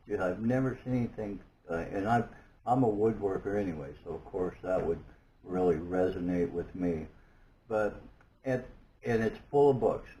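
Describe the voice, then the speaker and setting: A man giving a personal testimony, halting and earnest, searching for words with many restarts. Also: deep voice, mellow, a little hiss or hum, rough recording. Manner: earnest and awed. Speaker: guest telling his story.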